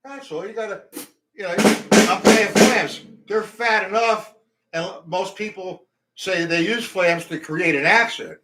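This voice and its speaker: A man's voice: high-pitched, unhurried, background noise. A man teaching a drum lesson, talking between demonstrations and counting beats aloud. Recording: echoey room, mic far off, loud drums.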